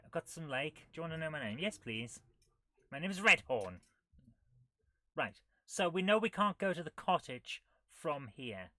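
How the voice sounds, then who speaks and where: A woman's voice: sits low, bright, forceful tone, no room sound. A woman, hosting a retro game playthrough, reading the game's text aloud with wry, jokey asides. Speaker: retro gaming host. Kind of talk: casual game playthrough commentary.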